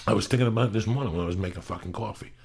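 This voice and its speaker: A man in his fifties hosting a podcast, swearing freely and ranting loudly with sudden shouting bursts. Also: fairly low pitch, racing, vocal fry. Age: 50s. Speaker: podcast host. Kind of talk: loose profane podcast rant.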